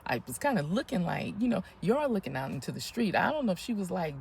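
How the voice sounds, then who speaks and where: A woman in her fifties telling a story in a casual, animated vlog, often breathless and laughing as she talks. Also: medium pitch, fairly quick, gravelly, slight background noise. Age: 50s. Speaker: vlogger.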